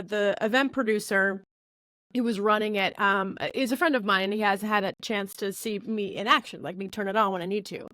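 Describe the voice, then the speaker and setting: A woman speaking as a networking coach in an interview, blunt and lively, acting out quoted conversations in sudden higher voices. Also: dry recording. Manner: blunt, with occasional swearing. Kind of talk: candid interview talk.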